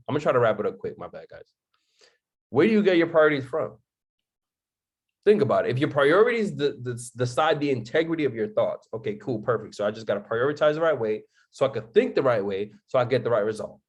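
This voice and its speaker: On a live stream, a young man gives a motivational talk in a husky, medium-pitched voice. He fires off rhetorical questions, repeats his points, and keeps asking the chat "right?"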